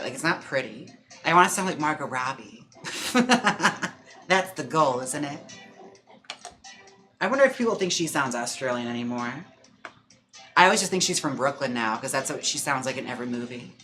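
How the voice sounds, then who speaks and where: A man hosting a livestream in casual chat, talking with lots of fillers and quick laughs. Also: mid-range voice, expressive, bright, forceful tone, soft background music. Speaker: live-stream host. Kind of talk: casual chat during a wig-styling livestream.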